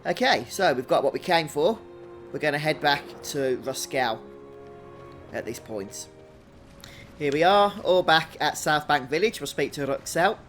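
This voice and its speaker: A man hosting a video game walkthrough in a relaxed, chatty way, thinking out loud as he plays. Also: a little high, unhurried, faint music behind. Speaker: gaming channel host.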